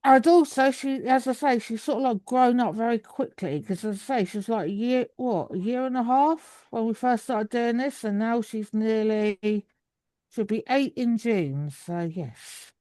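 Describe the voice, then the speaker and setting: A chatty woman, talking over a video call. Her voice sits a little high, and she rambles on with many restarts. The sound is dry and close. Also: moderate pace, warm tone, dry recording. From England. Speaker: guest. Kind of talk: casual video call chat.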